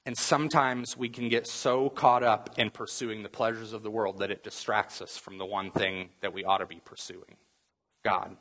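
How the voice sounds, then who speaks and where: A man's voice: fairly low pitch, flat delivery, moderate pace, a bit bright, husky. A middle-aged man preaching a sermon, telling stories in a conversational way with lots of fillers. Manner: storytelling, conversational with many fillers. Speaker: pastor.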